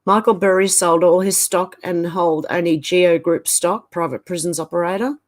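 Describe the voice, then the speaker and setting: A woman's voice: lowish voice, steady tone, moderate pace. A woman hosting a casual livestream, reading out viewer comments and thinking aloud with hesitant asides. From Australia.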